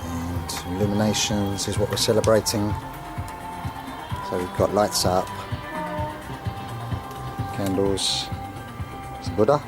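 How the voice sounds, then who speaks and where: A man filming a casual video tour of his home kitchen and garden, talking in a meandering way with many pauses and fillers. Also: low-pitched, fairly even intonation. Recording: music clearly behind the voice.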